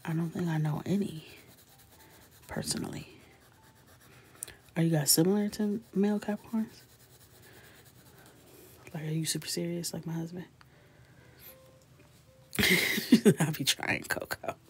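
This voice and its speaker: A woman's voice: fairly low pitch, unhurried, long pauses, a little hiss or hum. A woman in her thirties hosting a live coloring stream, chatting casually and laughing with viewers, often dropping to a whisper. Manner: soft-spoken, often drifting into a whisper. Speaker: coloring livestream host.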